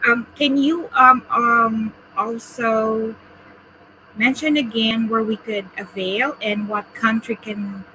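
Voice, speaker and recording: Bright-voiced woman hosting a chat. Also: fairly high pitch, steady tone, slow, slight background noise, low-quality recording. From Philippines. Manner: chatty, enthusiastic, with many fillers. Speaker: host. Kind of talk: casual interview hosting.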